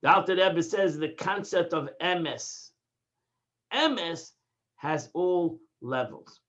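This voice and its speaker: High-voiced man giving a Torah lesson. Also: animated, slow pace. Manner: emphatic teaching with swings in pitch and loudness. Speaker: rabbi teaching Tanya. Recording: dull lo-fi audio.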